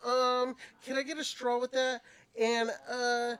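A woman's voice: sits high, flat delivery, measured pace, a bit bright, clear, resonant tone. A woman hosting a podcast, chatting casually with lots of laughter and fillers. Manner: laughing often, many fillers. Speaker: podcast host. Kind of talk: casual chat.

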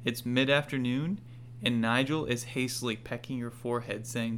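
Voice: medium pitch, fairly even intonation, normal speed, a bit bright, soft background music. A game master narrating a tabletop game casually and laughing often.

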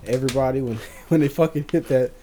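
A man's voice: mid-range voice, fast talker, mellow, slight background noise. A young man co-hosting a podcast, rambling through stories with many restarts in casual banter. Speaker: podcast co-host.

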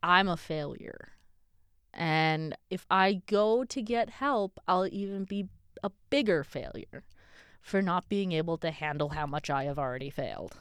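A woman's voice: lowish voice, a little slow, clear, resonant tone, no echo. A woman candidly telling a personal story in a wry, self-mocking way, with sarcastic asides and frequent laughter. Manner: breaks into laughter often. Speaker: vlogger.

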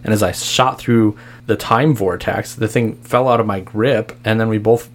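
A man's voice: on the low side, fairly even intonation, normal speed. A man voicing a brash adult female time traveler in an improvised tabletop game, talking bluntly and defensively. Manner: blunt, defensive, casual swearing. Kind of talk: improvised tabletop role-play.

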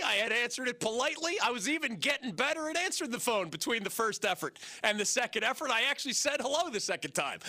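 Sports radio host in his 50s, high voice, very bright tone, animated storyteller. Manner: animated storyteller, chuckles while talking. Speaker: radio call-in show host.

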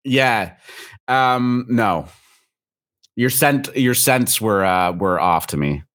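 A man co-hosting a casual morning podcast, talking in a relaxed, rambling way with lots of fillers. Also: on the low side, slow pace, no room sound, studio quality. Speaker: co-host.

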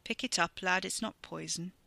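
A storyteller voicing a cold, wily old male wizard who talks in a calm, knowing way. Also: medium pitch, normal speed, vocal fry, no room sound.

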